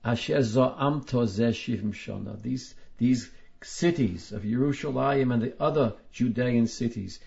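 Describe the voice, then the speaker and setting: A man teaching a class, reading passages aloud and explaining them, slowing down to stress key words. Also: mid-range voice, creaky, a little mellow, dull audio. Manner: emphatic, slows down to stress words. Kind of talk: text study lecture.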